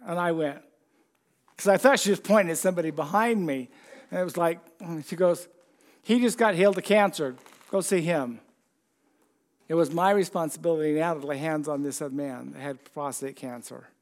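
A man's voice: a little high, fairly even intonation, fairly quick. A man preaching a sermon in church, talking casually and asking the congregation questions. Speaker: pastor.

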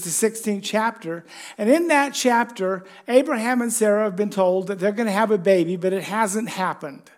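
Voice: mid-range voice, darkish tone. A pastor giving a conversational sermon, chatty and joking, putting questions to the congregation.

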